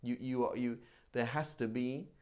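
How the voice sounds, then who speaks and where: A man teaching a live religious class in a conversational, animated way, acting out everyday examples. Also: mid-range voice, a little slow. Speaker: Islamic teacher.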